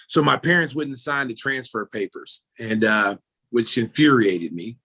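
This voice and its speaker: A middle-aged American man talks through a long story in a relaxed interview, his voice sitting at an ordinary middle pitch. He acts out the people he quotes, jumping up in pitch and loudness for the funny bits and dropping back down for the asides. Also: unhurried, slightly rough. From United States. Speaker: former pro basketball player and announcer, interview guest.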